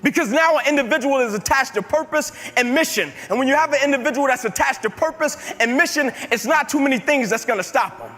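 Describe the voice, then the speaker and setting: High-voiced man preaching in echoey hall. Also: fast talker, hardly any pauses, fairly bright tone. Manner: emphatic, repetitive building cadences. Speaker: motivational speaker. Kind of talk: live inspirational speech. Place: large hall before an audience. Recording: reverberant hall with music underneath.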